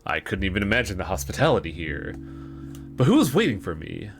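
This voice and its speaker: A man reading the lines of a proud, rational male doctor in a measured, formal way. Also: deep voice, sing-song, soft background music. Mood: puzzled.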